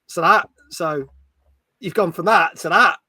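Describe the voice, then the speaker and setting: Bright high-voiced man hosting a chatty show. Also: unhurried, dry recording. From Yorkshire, England. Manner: laughs easily, reads chat aloud. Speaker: podcast host. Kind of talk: casual chat, reading viewer comments.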